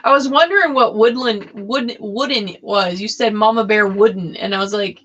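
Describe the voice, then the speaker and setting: A woman doing a casual live-streamed tarot reading, playful and quick to laugh between cards. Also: mid-range voice, fairly bright tone, husky, lo-fi sound. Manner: giggly, playful, often breaks into laughter.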